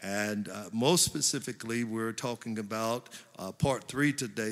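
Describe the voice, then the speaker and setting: A man pastor preaching a sermon, building to emphatic slow stresses. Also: fairly low pitch, fairly bright tone. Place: large church hall. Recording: long church hall reverb.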